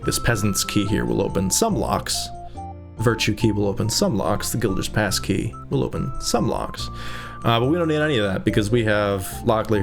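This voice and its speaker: A man hosting a let's play, giving casual gameplay commentary in a chatty, rambling way with amused asides. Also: lowish voice.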